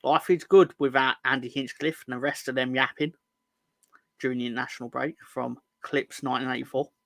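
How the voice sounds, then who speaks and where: A man's voice: medium pitch, steady tone, brisk, creaky, fairly bright tone, no echo. A man co-hosting a casual football fan chat, full of sarcastic, sweary banter. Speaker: podcast co-host.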